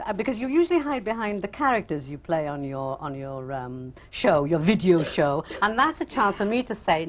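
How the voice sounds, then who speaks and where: A woman's voice: medium pitch, very animated, moderate pace, hardly any pauses, slight background noise. A woman hosting a chat show, asking questions in a playful, teasing way. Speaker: talk show host.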